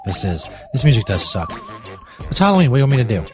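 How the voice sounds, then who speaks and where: A man's voice: mid-range voice, very animated, fast talker, music in the background. Profane, exasperated male podcast host. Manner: profane, exasperated, loud outbursts. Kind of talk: comedy podcast rant.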